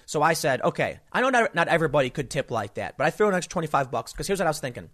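A man's voice: fairly high pitch, lively intonation, rapid-fire, hardly any pauses, fairly bright tone. Emphatic, indignant male commentator. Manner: emphatic, indignant, storytelling with many restarts. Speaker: political commentator. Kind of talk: opinion commentary monologue.

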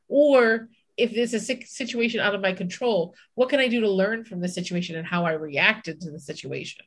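A woman's voice: mid-range voice, fairly quick, hardly any pauses. A woman co-hosting a podcast, telling a personal story in casual chat, candid, swearing and acting out her own inner voice. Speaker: podcast co-host.

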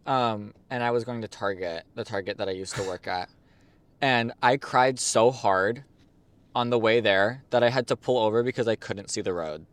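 A man's voice: fairly low pitch, normal speed. A young man co-hosting a podcast, telling candid, jokey personal stories in casual chat. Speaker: podcast co-host.

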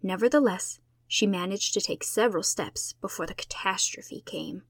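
A woman reading a classic novel aloud in a measured, expressive storybook narration. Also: mid-range voice, slightly rough, dry recording. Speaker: audiobook reader.

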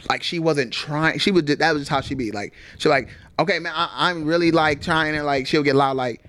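A man chatting casually on a podcast, slangy and animated, acting out quotes as he tells stories. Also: on the high side, fairly quick. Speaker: podcast host. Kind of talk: casual chat.

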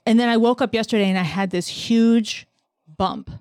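A woman's voice: on the high side, moderate pace, clean tone, no room sound, clean studio sound. A woman in her forties hosting a podcast in casual chat, telling stories animatedly and acting out what people said. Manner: animated storyteller who acts out quotes. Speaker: podcast host.

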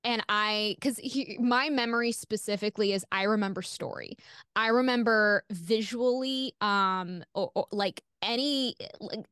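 A woman's voice: medium pitch, unhurried, clean tone, dry recording, studio quality. A woman guest on an interview podcast, telling a personal story candidly, swearing freely and filling her talk with "like". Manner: animated, acts out quoted voices.

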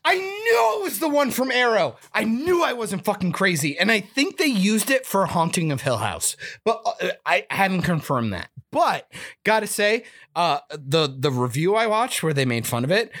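A man's voice: sits high, very animated, moderate pace, a bit bright, dry recording. A man co-hosting a casual movie review podcast, swearing a lot and putting on theatrical mock outrage. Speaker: podcast co-host.

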